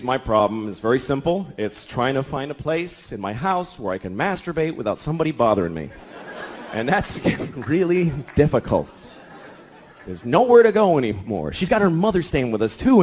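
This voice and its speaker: A man in his thirties doing a stand-up comedy routine, with profane, exasperated ranting and heavy swearing. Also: sits high. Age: 30s. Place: comedy stage before a live audience. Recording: live audience laughter and room noise. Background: crowd laughing.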